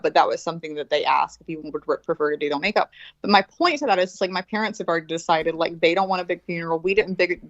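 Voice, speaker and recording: A woman, telling a story in a casual chat, animated and swearing freely, acting out quoted voices. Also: on the low side, no echo. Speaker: guest. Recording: dull lo-fi call audio.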